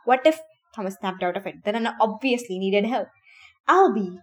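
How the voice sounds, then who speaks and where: A woman's voice: mid-range voice, a little fast, darkish tone. A woman podcast host reading a novel aloud, stopping now and then to laugh and talk to her listeners about the story. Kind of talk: casual read-aloud with chatty asides.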